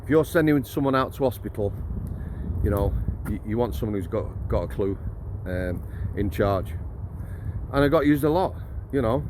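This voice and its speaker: A man's voice: fairly low pitch, expressive, normal speed, noisy background. A middle-aged man, a former prison officer telling stories in a chatty, blunt, jokey way. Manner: chatty, blunt and jokey, laughs mid-story, addresses viewers as guys. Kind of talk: casual storytelling to camera.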